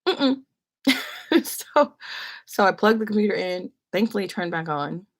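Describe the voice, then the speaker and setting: A young adult woman casually telling an animated, rambling story on her live stream. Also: medium pitch, moderate pace. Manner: animated, rambling, acts out quotes.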